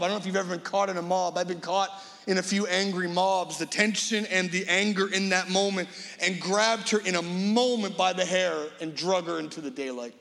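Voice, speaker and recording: A man's voice: sits high, vocal fry, fairly bright tone, in a large hall. A middle-aged male guest preacher giving a dramatic storytelling sermon, acting out imagined voices.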